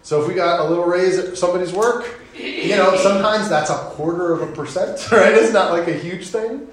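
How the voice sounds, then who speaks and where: A middle-aged man preaches in an earnest, conversational way, leaning in to encourage his congregation. His voice sits a little high for a man. The church sanctuary adds a heavy echo. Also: brisk. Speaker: pastor. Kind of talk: sermon. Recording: very echoey sanctuary.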